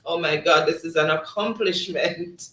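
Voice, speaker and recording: Man, livestream host reading chat, laughing a lot, slightly high voice, echoey room, off mic. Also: measured pace, sharp tone, recorded from a distance. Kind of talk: reading out live chat comments.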